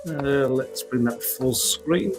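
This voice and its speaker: A man's voice: medium pitch, expressive, very slow, warm tone, soft background music. A man hosting a casual live weather chat show, talking in a chatty, rambling way and often correcting himself mid-sentence.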